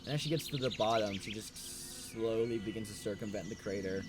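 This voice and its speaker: A man's voice: lowish voice, fairly quick. A man narrating a tabletop game as game master, hesitant and full of "like" and "um".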